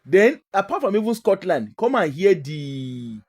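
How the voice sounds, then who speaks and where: A man from Nigeria with a Nigerian accent, telling stories in a casual, animated way, mixing Pidgin into his English and laughing often. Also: high voice, measured pace, husky. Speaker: guest. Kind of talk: casual storytelling.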